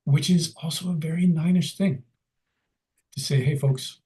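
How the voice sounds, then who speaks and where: A man co-hosting a podcast, talking in a measured, reflective way in casual chat. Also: on the high side, fairly even intonation, warm tone. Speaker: podcast co-host.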